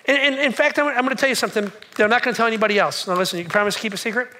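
A male pastor preaches a sermon to his congregation in a church. He talks in an animated way, repeats his key lines and slips in joking asides. His voice is high and bright. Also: very fast.

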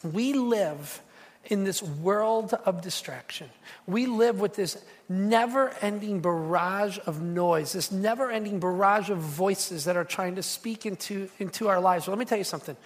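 A man's voice: high voice, measured pace. A man preaching a sermon to his congregation, telling stories with emphatic, repetitive phrasing. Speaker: pastor.

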